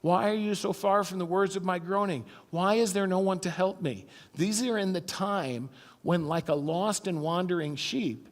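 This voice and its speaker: A male pastor delivering a sermon, telling a scripture story with emphatic stretches that fall to a hushed tone. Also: sits high. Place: church sanctuary. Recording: church hall reverb.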